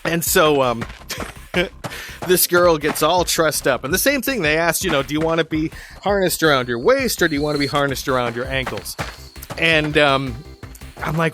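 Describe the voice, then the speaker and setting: A man's voice: a little high, lively intonation, moderate pace, a bit bright, faint music behind. A man hosting a gaming channel, telling a story in a casual, chatty way, laughing often and acting out the people in it. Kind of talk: casual storytelling over gameplay.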